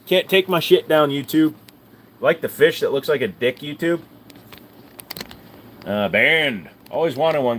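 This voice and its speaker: A man's voice: fairly low pitch, a bit bright, slight background noise, poor audio. A man hosting a casual livestream Q&A, reading out viewer comments and answering them in an offhand, profane way. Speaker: host.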